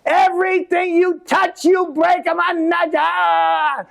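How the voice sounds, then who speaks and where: A man acting out his older Italian father, yelling in high, shouting fury. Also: level tone, takes it slowly, vocal fry, heavily acted. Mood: furious.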